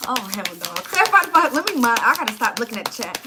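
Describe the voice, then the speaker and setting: A woman's voice: a little high, sing-song, racing, heavy background noise. A woman giving a live tarot reading, chatty and blunt, talking straight to her viewers. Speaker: tarot reader.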